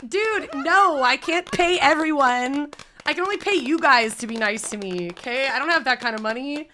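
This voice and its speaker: Bright high-voiced woman telling a story. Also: normal speed, slight background noise. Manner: animated, swears freely, breaks into loud laughs. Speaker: streamer. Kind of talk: casual storytelling to chat.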